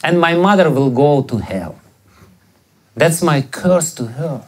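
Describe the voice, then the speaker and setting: A man's voice: on the high side, big pitch swings, slow, heavily acted. A man voicing an anguished young prince who passionately pleads his loyalty. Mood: pleading. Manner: impassioned, pleading.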